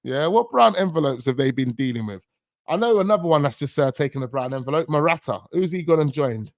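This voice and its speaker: A man's voice: fairly high pitch, animated, quick pace, no room sound. A man hosting a football channel, talking in a rambling, slangy way with chuckling asides. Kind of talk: casual live-stream chat.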